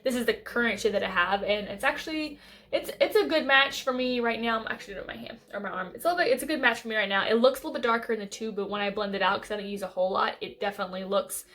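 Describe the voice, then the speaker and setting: A woman's voice: on the high side, racing, fairly bright tone. Gushing young woman beauty vlogger. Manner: gushing, enthusiastic, lots of fillers and restarts. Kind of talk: casual makeup favorites chat.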